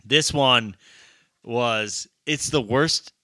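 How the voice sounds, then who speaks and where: Rambling young man, very bright voice. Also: mid-range voice, very slow, no room sound, studio quality. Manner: rambling, swears freely, many fillers and restarts. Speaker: podcast co-host. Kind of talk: casual movie chat.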